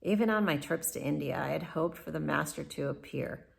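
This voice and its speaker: Woman, memoir narrator, low-pitched, heavy vocal fry, reflective, candid. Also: brisk. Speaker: memoir author. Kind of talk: first-person memoir narration.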